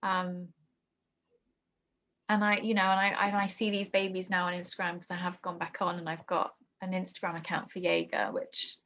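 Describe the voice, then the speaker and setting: Soft-spoken woman, flat delivery. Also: lowish voice. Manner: emotional, halting, many restarts and fillers. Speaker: guest. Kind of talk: personal story in conversation. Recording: dull lo-fi podcast audio.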